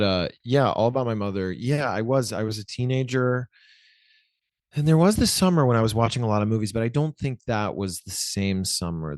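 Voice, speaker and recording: Interview guest, man, 40s: loose, meandering chat, low register, dry close mic. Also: darkish tone, no room sound. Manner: rambling, self-correcting, many likes.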